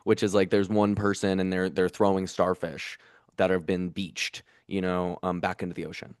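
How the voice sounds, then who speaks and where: A man telling a heartfelt story in a casual podcast chat, animated and full of fillers. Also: low voice, normal speed, clean tone, dry recording, studio quality. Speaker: comedian guest.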